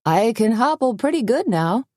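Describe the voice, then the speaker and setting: A woman's voice: on the high side, big pitch swings, moderate pace, mellow, no room sound, studio quality, voice pushed up. A woman reading an audiobook, voicing a dim-witted, folksy man laid up with a broken leg, talking in slang. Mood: goofy.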